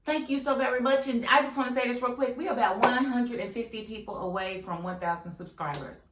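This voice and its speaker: Chatty animated woman recapping a TV show. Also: fairly high pitch, quick pace, recorded from a distance, noisy background. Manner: animated, laughs often and acts out scenes in voices. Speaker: YouTube TV reviewer. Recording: echoey room, a bit off-mic.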